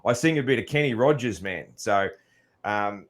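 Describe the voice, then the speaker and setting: A man's voice: fairly low pitch, expressive, moderate pace. A middle-aged man with an Australian accent hosting a podcast, chatting casually in a rambling way with frequent laughs. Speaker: podcast host. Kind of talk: casual interview chat.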